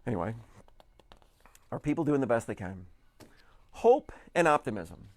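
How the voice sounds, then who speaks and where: A man's voice: mid-range voice, very animated, moderate pace. A man giving an earnest motivational talk, stumbling over and repeating words as he pushes his point.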